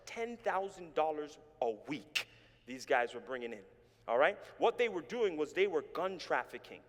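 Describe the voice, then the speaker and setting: Animated preacher, man, hall reverb. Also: a little high, moderate pace. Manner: animated storytelling, calls on the congregation to respond. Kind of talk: sermon. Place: church sanctuary.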